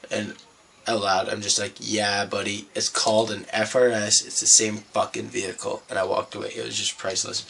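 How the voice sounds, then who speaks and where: A man's voice: lowish voice, little pitch movement, normal speed, creaky, fairly bright tone, slight background noise. A young man from Canada vlogging, telling a rambling, profane story in a laid-back way. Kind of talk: casual storytelling vlog.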